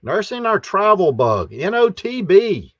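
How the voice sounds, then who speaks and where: Man, folksy live-stream host, slightly high voice, dry dull audio. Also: sing-song, a little slow, no room sound. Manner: folksy, greets chat viewers one by one.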